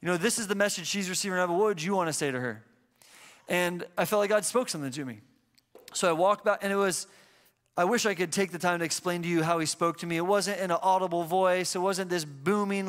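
A man's voice: high voice, fairly bright tone. A young adult man pastor preaching a sermon in a church, telling a story in a conversational way. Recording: church hall reverb.

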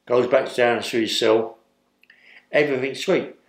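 A man's voice: medium pitch, fairly even intonation, a little slow, roomy sound. An older man from London with a London accent, telling a rambling prison story in an interview and checking in with "yeah?". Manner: rambling, keeps adding "yeah?". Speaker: interviewee, former criminal.

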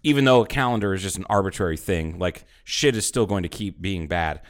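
A man's voice: low voice, brisk. A man co-hosting a casual podcast chat, swearing freely and rambling through stories he acts out. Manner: profane, rambling storyteller who acts out quotes. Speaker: podcast co-host.

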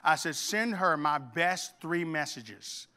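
Bright, clear-voiced pastor preaching. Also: male voice, on the high side, expressive, slow pace. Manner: storytelling with humor, acts out dialogue. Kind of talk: sermon.

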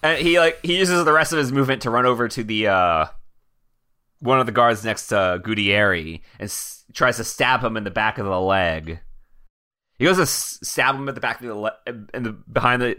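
A man's voice: mid-range voice, moderate pace, pushed and bright. A man narrating as game master of a tabletop role-playing game, talking casually with many fillers and restarts.

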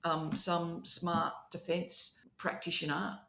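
A speaker with an Australian accent, explaining legal process in a measured way as a guest in a casual discussion. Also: medium pitch, little pitch movement, gravelly, bright, forceful tone, slight background noise. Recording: roomy echo.

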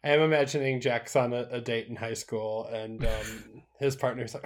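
A man's voice: medium pitch, moderate pace, few pauses. A man co-hosting a casual podcast, laughing often and swearing as he jokes about movies. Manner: laughing often, animated, profane. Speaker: podcast co-host.

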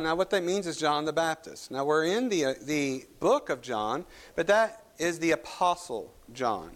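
A male pastor preaching a sermon, telling folksy stories with southern turns of phrase before reading scripture and praying. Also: on the high side. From Kentucky. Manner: folksy storytelling with southern expressions. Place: church sanctuary.

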